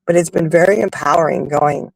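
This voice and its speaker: A man's voice: on the high side, fairly even intonation, a little fast, creaky, dry recording, rough recording. A man hosting a show, talking candidly and at length about personal growth, frank and emphatic, thinking aloud as he goes. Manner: rambling, emphatic, frank with occasional swearing; thinks aloud with many fillers and restarts. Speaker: host.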